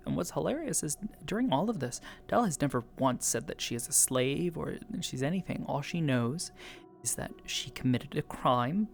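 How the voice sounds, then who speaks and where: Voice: mid-range voice, lively intonation, normal speed, vocal fry. A role-play player casually recounting a session in a rambling, amused way, with many fillers and swear words.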